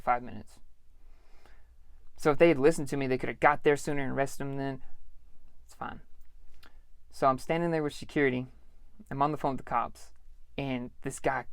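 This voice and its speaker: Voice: medium pitch, no room sound, clean studio sound. A young adult podcast host telling a personal story in a casual, profane way, acting out the lines of each person in it. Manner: profane, animated, acts out dialogue.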